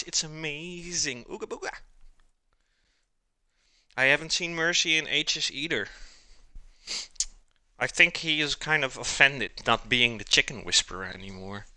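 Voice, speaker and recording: A man's voice: on the high side, moderate pace, bright, forceful tone, clean tone, dry recording. A man, chatting casually with his viewers during a live cooking stream in his home kitchen and chuckling often.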